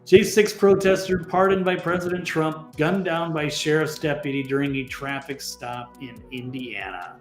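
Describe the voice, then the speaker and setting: This slightly high-voiced man, a guest on a political chat show, speaks at a moderate pace with few pauses. Blunt and exasperated, he swears casually about the people he criticizes, his voice echoing in the room over faint background music.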